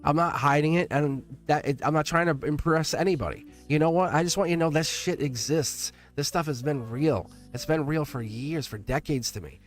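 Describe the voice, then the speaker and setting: A middle-aged man hosting a live tarot reading stream, talking warmly and at length to his viewers, rambling with frequent restarts and laughs. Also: fairly high pitch, normal speed, few pauses, soft background music. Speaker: live tarot reader and channel host.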